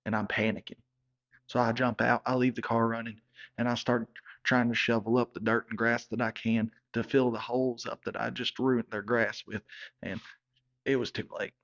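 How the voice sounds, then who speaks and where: A man tells a comic story in a folksy, deadpan way. His voice sits at an ordinary middle pitch. The recording is a bit dull and lo-fi. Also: moderate pace. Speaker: comedic storyteller. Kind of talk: comedic character monologue. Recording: slightly dull lo-fi sound.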